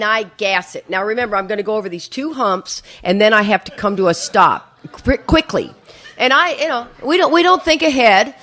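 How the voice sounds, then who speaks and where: Middle-aged woman, recovery-meeting speaker; animated storyteller who laughs often and mimics the people in her tale. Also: medium pitch. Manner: lively, laughing, acts out voices in her story. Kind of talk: storytelling talk to an audience.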